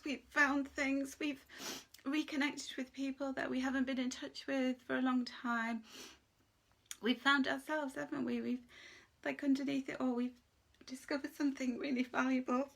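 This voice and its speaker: A woman's voice: high-pitched, flat delivery, a little slow, creaky. Tearful, gushing woman reading cards. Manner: emotional, gushing, tearful at times. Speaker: angel card reader. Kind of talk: live card reading chat.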